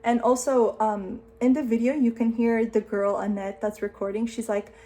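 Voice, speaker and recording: A woman in her late twenties, a vlogger telling a story to the camera in a chatty, excitable way, saying "like" a lot. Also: on the high side, moderate pace. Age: 20s.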